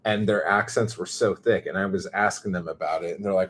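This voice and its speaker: A man's voice: low-pitched, steady tone, fairly bright tone, slight background noise. Laid-back Californian surfer-dude man. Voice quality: slow, drawn-out surfer-dude drawl. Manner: profane, rambling, reads chat aloud. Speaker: livestreamer. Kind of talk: casual livestream chat.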